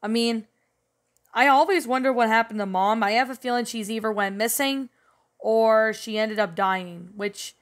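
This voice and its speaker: A woman hosting a spooky-story channel, giving a rambling casual review, her voice a little rough as if she is sick. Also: fairly high pitch, normal speed. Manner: rambling, leans on "you know" and "um". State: voice rough, sounding a bit sick. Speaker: creepypasta channel host.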